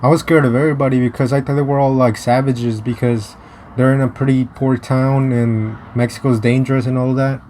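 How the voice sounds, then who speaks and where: A man's voice: mid-range voice, flat delivery, dark tone. A young American man talks through a story in a loose, rambling way, stopping and restarting mid-sentence. His speech is blunt and full of swearing, with a faint hiss of noise behind him. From United States. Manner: rambling, halting with many restarts and fillers; profane, blunt. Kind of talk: casual storytelling vlog.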